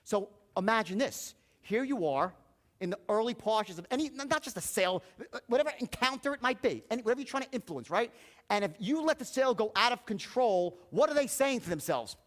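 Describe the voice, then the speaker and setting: A man's voice: high-pitched, lively intonation, a little fast. A man giving a motivational sales seminar, profane and anecdotal, acting out the dialogue in his stories.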